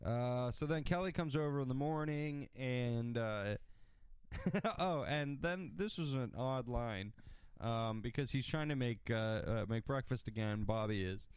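A man's voice: medium pitch, unhurried, clear, resonant tone, no echo. A man co-hosting a podcast in casual chat, rambling through a story and mimicking characters' lines in mocking voices. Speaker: podcast co-host recapping a TV episode.

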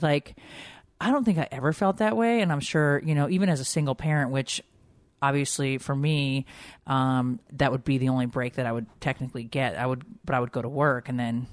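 A woman's voice: a bass voice, fairly quick, no room sound, clean studio sound. A woman in her forties from Connecticut hosting a podcast in a rambling, emotional, casual chat. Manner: chatty, rambling, emotional, many fillers. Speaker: podcast host.

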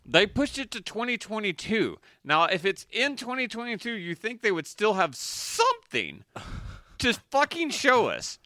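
A man co-hosting a casual video game chat, talking animatedly, swearing and jumping up in pitch to make a point. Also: moderate pace, no room sound. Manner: animated, swears, jumps up in pitch when emphatic. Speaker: podcast co-host.

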